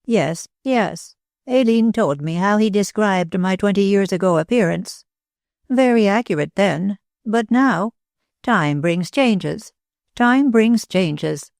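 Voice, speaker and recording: A woman's voice: medium pitch, expressive, measured pace, creaky, darkish tone, dry recording, studio quality, voice pushed up. A woman voicing a small, elfish older man who is cynical and jeering, with a clipped, curt way of talking. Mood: mocking.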